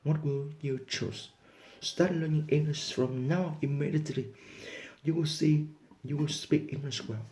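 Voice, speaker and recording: A man's voice: on the high side, steady tone, measured pace, a little mellow. A man whose first language is Vietnamese, earnestly coaching English learners and reading practice dialogues. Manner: earnest, non-native phrasing, reads both sides of practice dialogues. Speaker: English teacher. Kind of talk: motivational lesson and dialogue reading.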